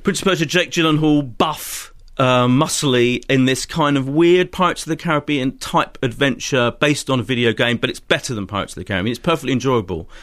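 A man reviewing films on a radio show, giving quick, animated opinions with frequent restarts. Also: mid-range voice. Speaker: film critic. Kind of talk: radio chart review chat.

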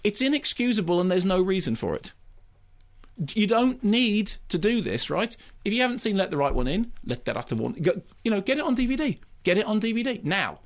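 A man's voice: sits high, sing-song, brisk. A man giving an impassioned, emphatic radio film review, often restarting his sentences. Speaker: film critic.

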